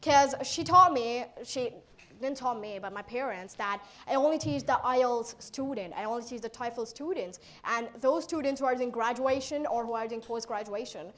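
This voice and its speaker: A woman's voice: on the high side, normal speed. A teenage girl from India with an Indian English accent, telling her life story as a motivational speaker and acting out what people said. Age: teen. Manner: animated, acts out quoted exchanges.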